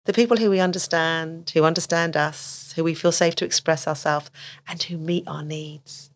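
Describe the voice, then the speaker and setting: Brief: middle-aged woman, deep voice, lively explainer who acts out quotes. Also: moderate pace. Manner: animated, acts out quoted speech. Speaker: autism specialist guest. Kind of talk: conversational advice interview.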